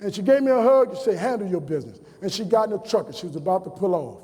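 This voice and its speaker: A man's voice: high voice, lively intonation, rapid-fire, mellow. A man in his forties from New Orleans, giving a motivational speech to students and telling stories with emphatic repetition. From New Orleans, USA. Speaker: motivational speaker. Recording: long reverb of a large hall.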